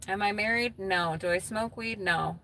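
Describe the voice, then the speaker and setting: A woman's voice: medium pitch, normal speed, fairly bright tone. A woman chatting casually with viewers on a live stream, reading their comments aloud and laughing often.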